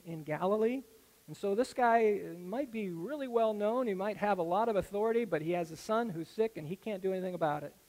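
A man preaching a sermon that explains a Bible passage, earnest and explanatory, often dropping to a soft, low tone. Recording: echoey hall with long reverb.

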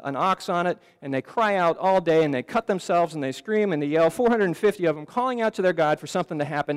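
A man with a fairly high voice preaching earnestly to a congregation. He talks in a conversational way and often restarts his phrases. The sound rings with the long reverb of a church hall. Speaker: pastor. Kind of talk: sermon. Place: church sanctuary.

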